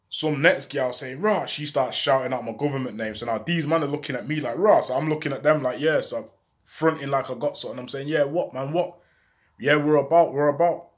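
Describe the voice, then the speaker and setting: A young man telling a story in street slang, acting out the voices he quotes. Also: fairly high pitch. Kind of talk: casual storytelling.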